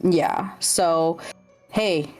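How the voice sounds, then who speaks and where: A woman guest chats easily on a podcast, agreeing warmly and laughing often. Her voice sits a little low, with faint music in the background. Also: very slow. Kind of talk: casual chat.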